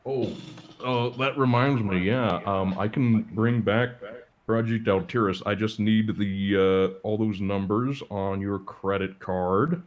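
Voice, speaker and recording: A man's voice: lowish voice, measured pace, lo-fi sound. A man chatting casually on a gaming stream, cracking dry, teasing jokes.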